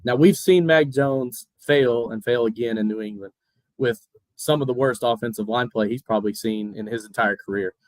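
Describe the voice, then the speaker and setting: A man's voice: medium pitch, normal speed, dry recording, low-quality recording. A man on a sports podcast panel, emphatic, who often stammers at the start of a sentence. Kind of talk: casual sports chat.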